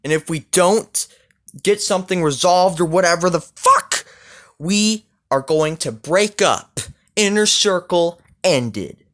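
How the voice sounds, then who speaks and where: A man putting on the voice of a furious male pro wrestler, shouting, swearing and threatening his faction. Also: sits high, lively intonation, takes it slowly, voice pushed up, exaggerated voice.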